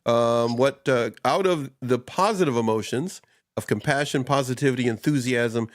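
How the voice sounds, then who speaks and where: An easygoing man co-hosting a relaxed talk show from a video call. His voice sits at an ordinary middle pitch and sounds dry and close, with almost no room around it. He jokes around and laughs easily between thoughts. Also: moderate pace, no room sound. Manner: easygoing, jokey, laughs often. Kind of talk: casual chat.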